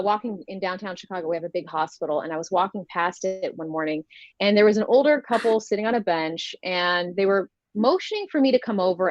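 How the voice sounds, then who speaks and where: A woman doing a stand-up set from home, with a wry, deadpan delivery. Her voice sits at an ordinary pitch and sounds close and dry, with a dull, slightly lo-fi quality from a computer mic on a video call. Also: no echo. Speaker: stand-up comedian.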